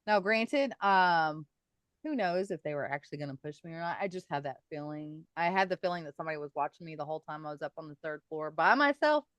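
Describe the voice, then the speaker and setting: A middle-aged woman, a guest on a podcast, telling her own paranormal stories in a lively, chatty way and laughing often. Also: low voice, quick pace, no echo. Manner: animated storyteller, laughs often. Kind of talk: casual podcast storytelling.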